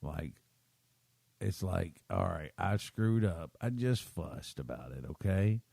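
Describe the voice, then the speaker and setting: A man's voice: sits low, animated, takes it slowly, creaky, mellow, breathy edge, no echo. A man, hosting a podcast and rambling through a self-deprecating story while checking in with his listeners. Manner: chatty, keeps checking in with listeners. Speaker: podcast host.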